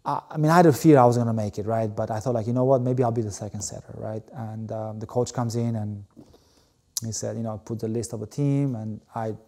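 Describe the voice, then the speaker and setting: A middle-aged man from Albania, a former Olympic volleyball player, telling his story in an interview, animated and full of fillers like "you know.". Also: lowish voice, brisk.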